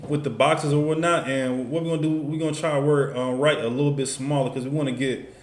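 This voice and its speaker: A man's voice: mid-range voice, fairly even intonation, fast talker. A man teaching a class in a loose, conversational way, full of fillers and asides. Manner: loose, conversational, many fillers like "you know what I'm saying". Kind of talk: casual classroom instruction. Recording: echoey room with faint noise.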